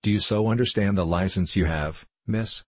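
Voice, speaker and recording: A man's voice: sits low, normal speed, dry recording. A man reading an audiobook, voicing a sneering young brother who drawls provocatively.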